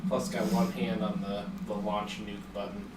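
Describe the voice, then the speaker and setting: A man playing a tabletop game, teasing and laughing often, recorded at a distance in an echoey room with loud noise. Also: fairly low pitch, level tone, normal speed. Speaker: player. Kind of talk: casual tabletop game chat.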